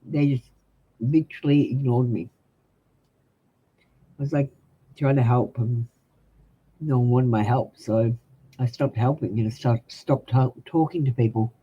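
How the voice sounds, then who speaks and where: An Australian tarot reader on a live stream speaks in a rumbling low, mellow voice with a breathy edge, and the highs are cut off. She chats with viewers bluntly and casually, using a practiced, announcer-like delivery.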